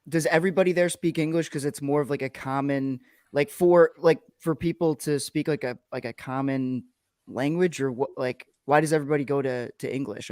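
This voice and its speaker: A man's voice: on the high side, a little mellow, dry recording, clean studio sound. A man hosting a podcast, chatting casually and rambling as he searches for words. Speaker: podcast host.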